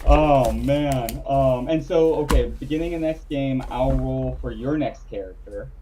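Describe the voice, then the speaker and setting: A man playing in a tabletop game, speaking in a hesitant, halting way. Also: mid-range voice, background noise. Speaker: player. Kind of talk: casual tabletop game play.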